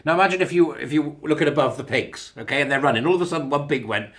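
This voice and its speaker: A man's voice: a little high, animated, fast talker, fairly bright tone. A man hosting his own show, talking to listeners in a blunt, jokey way and laughing at his own jokes. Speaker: podcast host. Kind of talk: casual monologue.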